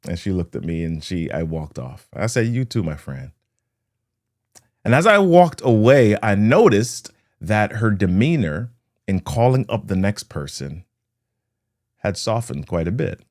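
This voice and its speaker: Lively low-voiced man telling a story. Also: unhurried. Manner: animated storyteller, acts out scenes with sound words. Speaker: host of a leadership talk show. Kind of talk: motivational talk with storytelling.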